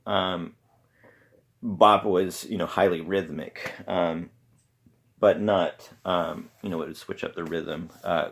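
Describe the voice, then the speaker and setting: A man hosting a podcast from a room at home, talking casually about poetry in a rambling, halting way. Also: sits low, creaky. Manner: rambling, halting with many pauses. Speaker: podcast host. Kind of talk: casual solo talk on poetry. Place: home room with pets around.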